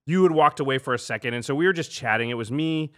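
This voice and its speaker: A man's voice: medium pitch, fast talker. A man telling a funny anecdote in casual chat, laughing often and acting out the people he quotes. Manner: lively storyteller, laughs often, acts out quotes. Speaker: podcast co-host telling a story.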